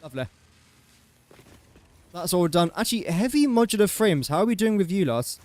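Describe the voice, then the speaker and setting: A man's voice: high voice, animated, moderate pace, darkish tone, dry recording. Chatty, self-mocking young man streaming games. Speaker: gaming livestreamer. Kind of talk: casual gameplay commentary.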